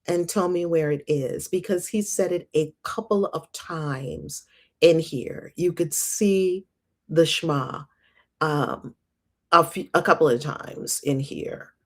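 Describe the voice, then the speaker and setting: A middle-aged woman hosting a casual livestream about scripture, chatty and animated, laughing often. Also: on the low side, slow pace. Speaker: host reading and discussing scripture.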